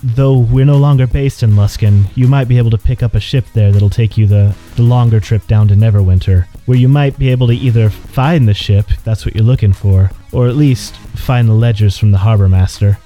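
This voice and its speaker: A man's voice: lowish voice, fairly quick, few pauses, dull audio, soft background music, close to an everyday voice. Man doing a grizzled blind old sailor. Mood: informative. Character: grizzled blind old male sea dog, fatherly mentor.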